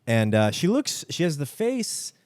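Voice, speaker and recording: Rambling New comedian telling a story. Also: male voice, a little high, huge pitch swings, unhurried, darkish tone, clear, resonant tone, no echo, studio quality. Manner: rambling, acts out people he overheard. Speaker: podcast co-host.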